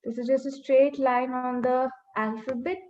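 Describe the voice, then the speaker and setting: High-voiced teacher, muffled webinar. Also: female voice, flat delivery, normal speed, darkish tone. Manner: patient, repeats key points, models sounds. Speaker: Mandarin teacher. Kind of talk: online language lesson. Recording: slightly muffled webinar audio.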